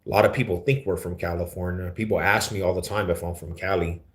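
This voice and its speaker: A very deep-voiced man with an East Denver accent, chatting loosely on his livestream. He answers viewers in easygoing street slang and keeps calling them homie and fool. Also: fairly even intonation, quick pace. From Denver, USA. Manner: laid-back slangy talk, calls people homie and fool. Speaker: livestream host.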